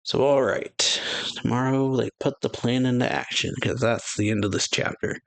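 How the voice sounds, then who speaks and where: A man's voice: mid-range voice, steady tone, normal speed, creaky, no echo. A man hosting a manga reaction channel, reading a chapter aloud in a loose, rambling way full of fillers, with casual commentary. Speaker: YouTube manga reaction host.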